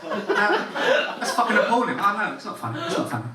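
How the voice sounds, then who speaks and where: A man's voice: high-pitched, very animated, very fast. Crude male stand-up, raised voice, recorded from a distance in a club. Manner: crude, storytelling, swears freely. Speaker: stand-up comedian. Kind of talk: stand-up set. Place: comedy club stage. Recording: roomy club audio, laughing crowd.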